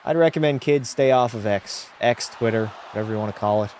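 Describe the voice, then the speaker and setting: A man's voice: medium pitch, a little fast, a little mellow, a little hiss or hum. A young man live-streaming a hockey video game, chatting with viewers and giving blunt, opinionated takes. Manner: opinionated, blunt, reads chat aloud. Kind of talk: casual live-stream chat. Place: home room.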